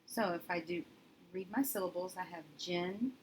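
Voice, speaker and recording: A woman teacher demonstrating step by step in a steady, methodical way, thinking aloud as she works. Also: fairly low pitch, a little fast, rough recording. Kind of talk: instructional demonstration. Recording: faint background noise.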